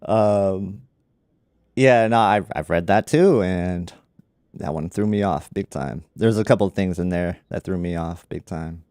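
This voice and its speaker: A man's voice: deep voice, measured pace, a little mellow, no room sound, clean studio sound. A man hosting a casual tech livestream, laid-back and laughing often, with lots of "like" in his talk. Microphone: studio microphone.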